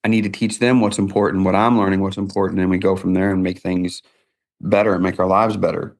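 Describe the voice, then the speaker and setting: Gravelly low-voiced man. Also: little pitch movement, quick pace. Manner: conversational, folksy storytelling. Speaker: podcast host. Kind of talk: casual podcast interview.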